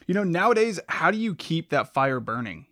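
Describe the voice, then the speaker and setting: A man's voice: a little high, sing-song, moderate pace, sharp tone, no echo. Laid-back man hosting. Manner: laid-back, encouraging listener with short affirmations. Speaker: podcast host. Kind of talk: casual interview. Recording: dry close sound.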